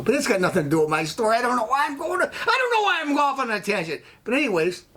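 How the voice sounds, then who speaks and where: An American man hosting his own show, telling a long blunt story and going off on tangents. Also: high-pitched. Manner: rambling, blunt, goes off on tangents. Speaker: show host. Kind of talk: opinionated monologue.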